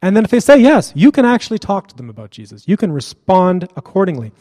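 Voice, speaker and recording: A man delivers a sermon in a high, light voice. He keeps it conversational and blunt, with a joking edge. The sound rings with the long reverb of a large hall. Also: big pitch swings, quick pace, mellow. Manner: casual, joking and blunt, laughs often. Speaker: preacher.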